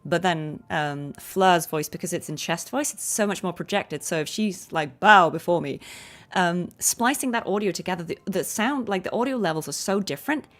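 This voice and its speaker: Streaming a game, a young adult voice actress chats casually and explains voice technique, dropping in quick demonstrations. Her voice sits on the low side.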